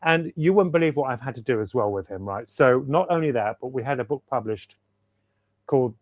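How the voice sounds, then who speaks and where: A man's voice: mid-range voice, lively intonation, fairly quick, dry recording, muffled recording. A man, a guest author chatting enthusiastically in an interview over a video call, rambling and repeating himself for emphasis. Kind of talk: casual interview chat.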